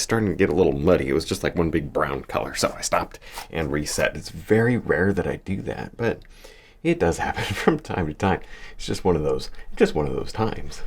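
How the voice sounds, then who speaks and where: A man teaching a painting lesson, chatting and encouraging as he works, chuckling often. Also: deep voice. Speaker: painting instructor. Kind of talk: relaxed painting tutorial.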